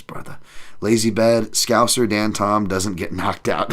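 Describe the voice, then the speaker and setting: Bright-voiced man hosting a casual podcast. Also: fairly low pitch, moderate pace. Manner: profane, self-deprecating, reads chat aloud; laughs often, does funny voices. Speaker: podcast host. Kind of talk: casual live-stream chat.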